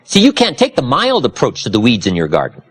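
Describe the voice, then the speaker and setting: Male motivational speaker, husky, very animated pitch, preacherly emphasis. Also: fast. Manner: preacherly, dramatic swings from low confiding to loud emphatic. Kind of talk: motivational seminar talk.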